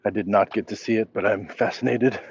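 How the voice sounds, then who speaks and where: Man, low voice, casual livestream host, walking, reads chat aloud, dull lo-fi sound. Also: fairly even intonation, a little fast, breathy edge. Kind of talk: casual walk-and-talk livestream.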